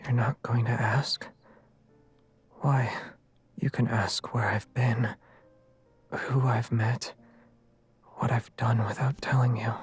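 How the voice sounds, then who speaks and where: A man's voice: mid-range voice, little pitch movement, takes it slowly, long pauses, soft background music. A man voicing a feverish, clingy young man in a game, in whispered role-play. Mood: pleading. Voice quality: breathy whisper.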